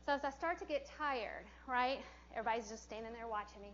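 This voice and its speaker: A woman's voice: high-pitched, fast, few pauses, a bit bright, lo-fi sound, a little hiss or hum. A woman teaching a hands-on CPR class in a training room, chatty and encouraging, often laughing as she talks. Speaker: CPR instructor.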